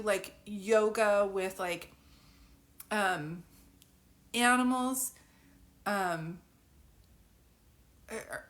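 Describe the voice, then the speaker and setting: A psychic medium gives a live reading over the phone, rambling, thinking aloud, and often giggling in a casual, chatty way. Her voice is on the high side and a bit bright.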